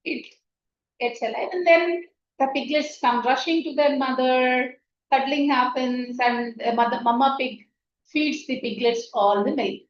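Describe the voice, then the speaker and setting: A meditation teacher, a woman, tells a spiritual story at an unhurried pace, frequently checking in with "right?". Her voice is high-pitched, and the dull, lo-fi recording sounds distant and echoey, with slight background noise.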